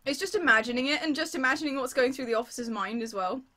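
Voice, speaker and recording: A woman's voice: sits high, fast, sharp tone. A woman hosting a live stream, chatting casually and teasing her guest, giggling often. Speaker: streamer host. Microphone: desk mic.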